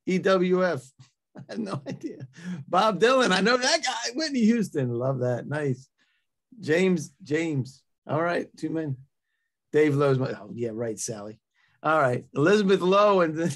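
A man hosting a webinar in a casual, upbeat way, reading out audience messages with quick asides over a video call. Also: on the high side. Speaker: webinar host.

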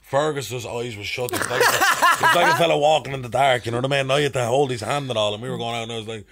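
Irish guy in his twenties, Dublin accent, rowdy anecdote teller, mid-pitched voice. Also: quick pace, heavy background noise. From Ireland. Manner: animated anecdote-telling with crude slang and put-on voices. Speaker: podcast guest, actor. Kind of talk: casual storytelling.

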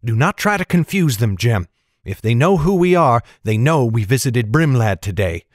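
A man's voice: mid-range voice, very animated, moderate pace, no room sound, studio quality, natural voice. A man voicing a decisive young woman fighter who gives urgent commands, in an audiobook reading. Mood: commanding.

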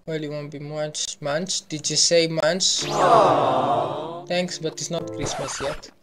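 A man giving casual gameplay commentary as a YouTuber, playful and excitable, throwing in silly sound effects. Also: fairly high pitch, slow pace. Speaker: gaming YouTuber.

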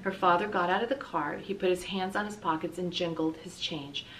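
A woman teacher reading a children's novel aloud, clear and expressive. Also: fairly low pitch, brisk, far from the mic, a little hiss or hum, poor audio. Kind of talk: children's book read-aloud.

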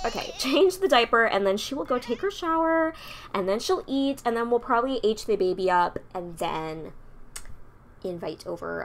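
A woman's voice: medium pitch, creaky. A young woman casually commenting while playing a life-simulation game, chatting along and scolding her characters in exasperation. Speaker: gameplay streamer.

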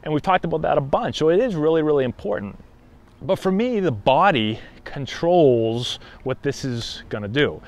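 A man teaching baseball hitting in a casual talk to camera, often checking in with a quick "right?". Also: a little high, lively intonation, a little mellow. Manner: conversational, frequent "right?" check-ins.

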